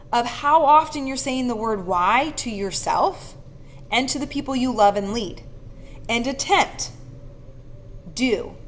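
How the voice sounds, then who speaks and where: Woman, 30s, higher voice, earnest and animated leadership coach, faint room noise. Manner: earnest, coaching, lively with quick laughs. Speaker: speaker and leadership facilitator. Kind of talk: casual talk to camera.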